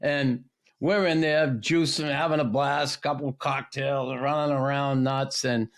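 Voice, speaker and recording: A man's voice: medium pitch, fairly even intonation, unhurried. An older man hosting a podcast, telling profane anecdotes in casual chat and laughing as he goes. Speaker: podcast host.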